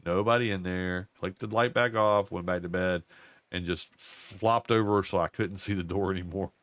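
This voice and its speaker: An older man who hosts a gaming channel tells a rambling, folksy story while playing a game at home, repeating himself as he goes. His deep voice stays steady at a normal speed, with a fairly bright tone and no room sound.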